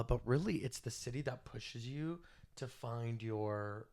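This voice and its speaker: A young woman from Texas co-hosting a podcast, talking in an animated, playful way, laughing often and sometimes loud. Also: rumbling low, measured pace, no room sound, studio quality. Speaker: podcast co-host. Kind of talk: casual chat.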